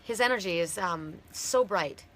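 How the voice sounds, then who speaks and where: A middle-aged woman from Canada giving a heartfelt, halting oracle card reading on a live stream. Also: lowish voice, lively intonation, a bit bright.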